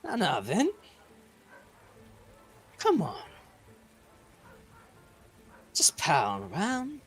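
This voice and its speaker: A man's voice: sits high, wildly swooping pitch, slow pace, a bit bright, slightly rough, soft background music, exaggerated voice. A man voicing a taunting male street thug with a put-on accent, jeering and mocking.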